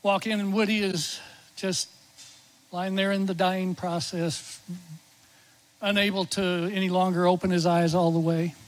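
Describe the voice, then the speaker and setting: High-voiced preacher man telling a story. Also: level tone, a little slow, poor audio. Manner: tells the story warmly, drops to a near-whisper when quoting the dying man. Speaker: chaplain and preacher. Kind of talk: sermon storytelling. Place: church sanctuary.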